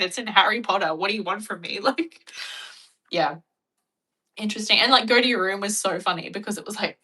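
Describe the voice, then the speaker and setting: A woman talks casually to her viewers, her voice bright and forward. She tells stories in an animated, chatty way and laughs often. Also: medium pitch, quick pace, recorded from a distance, rough recording. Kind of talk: casual chat.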